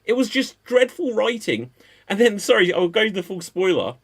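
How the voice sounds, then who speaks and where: A man talking pop culture on a panel show, his voice sitting high and jumping all over the place. He rambles from point to point with a mocking edge, loose and animated. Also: normal speed, creaky, slightly rough. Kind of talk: casual pop-culture chat.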